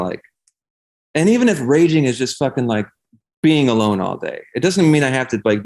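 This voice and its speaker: A young adult man talking casually as a podcast guest, rambling and swearing a lot, filling his talk with "like.". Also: medium pitch. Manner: rambling, profane, heavy use of "like". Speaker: podcast guest, singer and life coach. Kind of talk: casual conversation.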